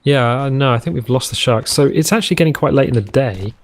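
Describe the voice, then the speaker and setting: A man's voice: medium pitch, animated, fast. A man hosting a let's play, chatting and musing aloud in a rambling way while he plays a survival game. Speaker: gaming channel host.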